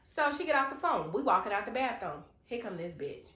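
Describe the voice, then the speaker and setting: A woman with a bright, ringing voice that swoops up and down as she tells a loud, profane story in casual chat. She acts out what other people said. The room around her is echoey. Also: medium pitch, big pitch swings, a little fast. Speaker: mukbang co-host telling a story.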